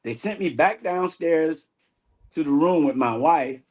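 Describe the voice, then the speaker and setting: A man giving an animated spiritual testimony in an interview, acting out the dialogue he recounts. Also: a little high, a little slow. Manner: animated storyteller, acts out quoted dialogue. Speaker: guest minister.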